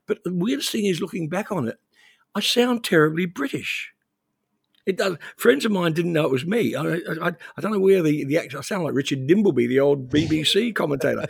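A man's voice: fairly high pitch, vocal fry, breathy edge, dry recording, clean studio sound. An older man from New Zealand, a former journalist, telling anecdotes in a rambling, conversational interview.

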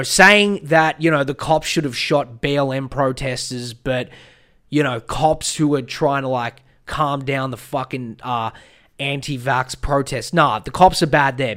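A man's voice: medium pitch, moderate pace, a bit bright. A man hosting a podcast, ranting heatedly and profanely in a rambling, casual way. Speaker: podcast host. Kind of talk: casual political rant.

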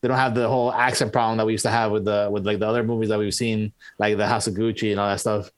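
Male co-host, easily amused, halting. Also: on the low side, flat delivery. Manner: laughs often, halting. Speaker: podcast co-host. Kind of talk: casual movie review chat.

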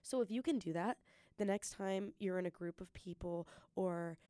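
A young woman hosting a solo podcast, giving an earnest, excited pep talk and talking fast. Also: on the low side, clear, resonant tone, no echo, clean studio sound. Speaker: podcast host.

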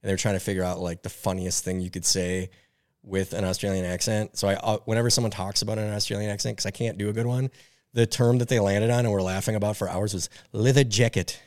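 Wry low-voiced male podcast host. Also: little pitch movement, fast, a little mellow. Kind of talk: casual chat.

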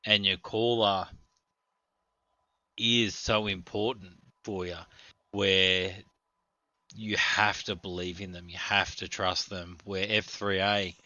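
A man telling stories on a casual podcast, animated and quick to laugh. His voice is bright and forceful, recorded dry and a little dull and lo-fi. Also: low voice, dry recording. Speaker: podcast co-host. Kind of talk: casual storytelling chat. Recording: dull, lo-fi sound.

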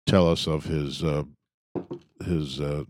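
Deep-voiced, halting podcast man. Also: steady tone, no echo, clean studio sound. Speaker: podcast co-host. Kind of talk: casual chat.

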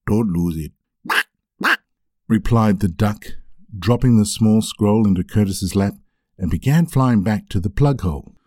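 A man narrating a children's storybook with an expressive reading. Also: lowish voice, no room sound, clean studio sound.

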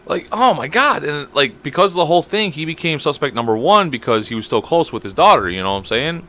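A man's voice: fairly high pitch, lively intonation, fast, pushed and bright. A young man co-hosting a casual podcast, telling rambling stories full of swearing and acted-out quotes. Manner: swearing storyteller, quotes people in raised voices. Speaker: podcast co-host. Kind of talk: casual chat.

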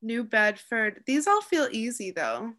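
A woman's voice: fairly high pitch, big pitch swings, unhurried, fairly bright tone. A woman with a Midwestern accent, co-hosting a podcast in casual chat and giving blunt opinions. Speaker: podcast co-host.

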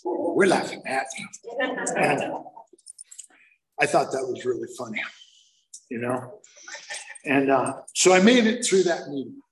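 A man telling his recovery story slowly and haltingly, with many fillers and wry self-deprecating humor. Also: medium pitch, animated. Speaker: speaker sharing recovery story. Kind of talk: personal testimony at a recovery meeting. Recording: roomy, echoey recording.

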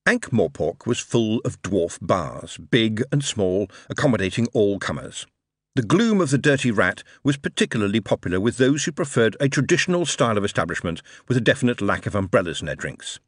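A man reading an audiobook aloud, measured yet expressive, with a lively, varied pitch. The sound is dry and close to the microphone. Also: dry recording. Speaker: audiobook reader. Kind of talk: audiobook narration.

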